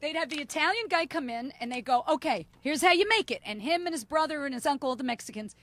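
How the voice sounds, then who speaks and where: A woman's voice: high voice, expressive, fast talker, fairly bright tone, no echo. A woman hosting a podcast, chatty and rambling through stories, laughing often. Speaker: podcast host. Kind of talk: casual podcast chat.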